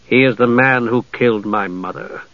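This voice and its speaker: A narrator gives voice to a proud, stern dark knight who speaks slowly and with grave weight. The storybook reading has a muffled, lo-fi tone and a dry, close sound. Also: male voice, mid-range voice, dry recording, close to an everyday voice. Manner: slow, measured, grave.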